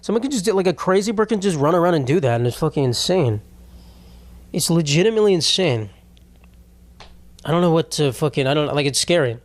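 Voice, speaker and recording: A man's voice: on the high side, animated, brisk, long pauses, no room sound. A man hosting a solo podcast, chatting casually in a rambling, profane, wisecracking way. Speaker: podcast host.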